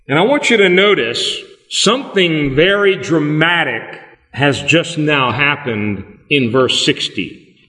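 A man preaching a sermon as a pastor, emphatic and slowing down on key words. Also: fairly high pitch, pushed and bright. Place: church hall. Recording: echoey hall with long reverb.

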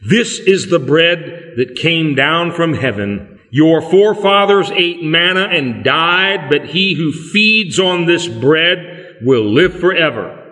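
A man preaching a sermon as a pastor, emphatic and slowing down on key words. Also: fairly high pitch, lively intonation, bright, forceful tone. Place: church hall. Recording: echoey hall with long reverb.

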